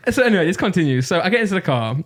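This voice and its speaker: A man from Nottingham with a Midlands accent, co-hosting a casual podcast and telling an exasperated, animated story. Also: high voice, very fast. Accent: English Midlands. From Nottingham, England. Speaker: podcast co-host.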